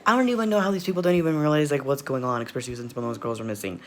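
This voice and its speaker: A man's voice: medium pitch, very fast, fairly bright tone. A man casually reacting to a video, rambling, laughing often and repeatedly apologizing.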